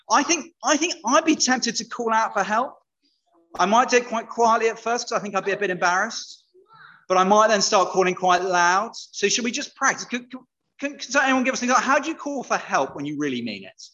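Guy preaching to kids, bouncy voice goes all over the place, chatty and playful. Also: very high voice. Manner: playful, interactive, animated. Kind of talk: all-age sermon with children.

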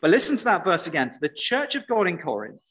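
A man's voice: high-pitched, sing-song, fast talker, fairly bright tone. A man preaching an all-age sermon, playful and interactive, chatting with children.

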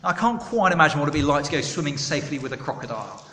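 A man preaching a sermon, chatty and animated, polling his listeners for answers. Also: on the high side, rapid-fire, a little hiss or hum. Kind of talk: sermon with audience participation. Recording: echoey hall, long reverb.

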